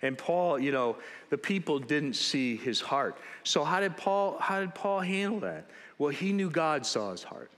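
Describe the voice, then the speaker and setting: Animated male preacher, bright voice, reverberant hall. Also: fairly high pitch, a little slow, few pauses. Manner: animated storytelling, acting out biblical characters. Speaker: pastor. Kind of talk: sermon.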